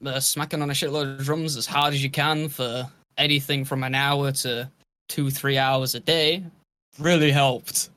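A man's voice: medium pitch, fairly even intonation, moderate pace, bright, forceful tone, no echo. A young British man in casual podcast chat, laid-back, swearing freely and laughing as he talks. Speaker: podcast co-host.

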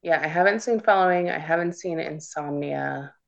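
Low-voiced excitable woman, lo-fi sound. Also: normal speed, vocal fry. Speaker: podcast panelist. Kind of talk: casual chat. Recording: dull lo-fi recording.

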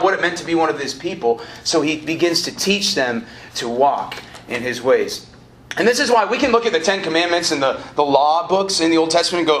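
On the high side and fairly bright, this college ministry director's voice carries through a live sermon for students. He talks conversationally, jokes around, and gets the audience to call back. The lecture hall or auditorium sounds roomy with faint ambient noise.

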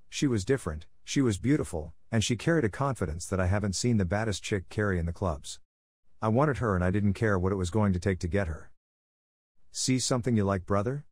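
A man calmly narrating a first-person story in a plainspoken, unhurried way. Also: lowish voice, no room sound, studio quality. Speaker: audiobook narrator.

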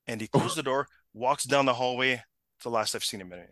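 A middle-aged man casually telling a long funny story, animated and laughing, acting out the people in it. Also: mid-range voice, quick pace. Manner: animated, laughing, acts out the people in his stories.

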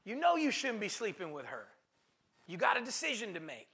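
Male pastor, high bright voice with gravel, emphatic sermon with repeated lines and calls to the crowd. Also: huge pitch swings, brisk. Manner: emphatic, repeats phrases for stress; calls to the congregation.

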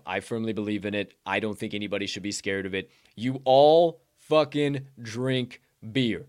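A young man hosting a casual online stream, hyped up and preachy, swearing as he rants. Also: medium pitch. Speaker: NFT content creator. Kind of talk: casual livestream promo rant.

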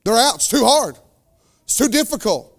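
This sermon comes from a male pastor with a very high, very animated voice. The fervent preaching swings from loud statements to quiet, slower asides.

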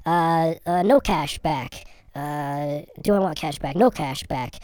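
A man putting on the voice of a nervous male customer who narrates everything he does, halting and full of fillers. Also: fairly high pitch, darkish tone, smooth, dry recording, clean studio sound. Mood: fussy.

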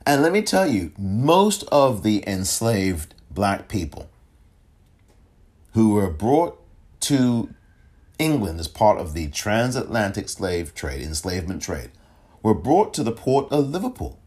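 Animated man giving political commentary. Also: fairly low pitch, slow. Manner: animated, emphatic, self-interrupting. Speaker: podcast host.

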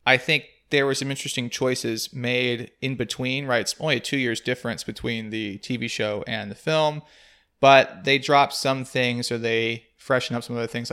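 Bright, clear-voiced man hosting a podcast. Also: mid-range voice. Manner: thoughtful, analytical, asks leading questions. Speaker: podcast host. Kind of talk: casual film discussion.

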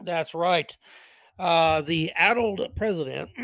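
Sarcastic male podcast host, high voice. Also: lively intonation, slow pace, fairly bright tone, no room sound. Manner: sarcastic, mocking asides; reads article passages aloud. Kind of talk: political commentary podcast.

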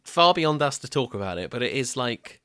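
A man's voice: medium pitch, sing-song, moderate pace, sharp tone, clean tone, no echo, clean studio sound. A young man co-hosting a film review podcast, chatting casually with frequent stumbles and laughs. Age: young adult. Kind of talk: casual chat.

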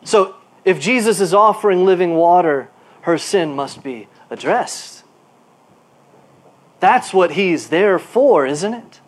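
Male pastor, sermon, fairly high voice, swings from quiet to emphatic, repeats words mid-thought. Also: slow. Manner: animated preaching, shifting between quiet asides and emphatic bursts; repeats words when searching for a phrase.

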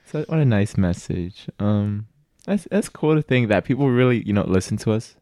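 A man co-hosting a podcast who chats in a relaxed, easygoing way with his friends. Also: on the low side, normal speed, dry recording, studio quality. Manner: relaxed and easygoing, laughs along with the group. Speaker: podcast co-host. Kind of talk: casual group chat.

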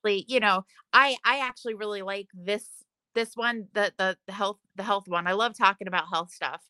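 Woman host, eager and emphatic, bright clear voice. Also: medium pitch, moderate pace, no echo. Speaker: podcast host. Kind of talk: casual chat.

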